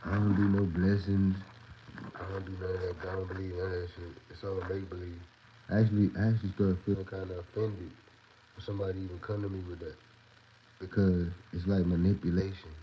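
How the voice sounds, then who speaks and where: A man's voice: low-pitched, little pitch movement, brisk. A man from the Southern United States with a Southern accent, ranting casually and profanely, rambling and repeating himself. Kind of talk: casual rant. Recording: dull lo-fi audio with faint noise.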